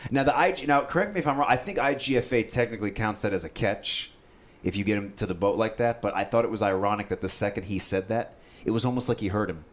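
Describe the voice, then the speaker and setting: A man telling a fishing story in casual chat, animated and often saying "dude.". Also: fairly low pitch, fast talker.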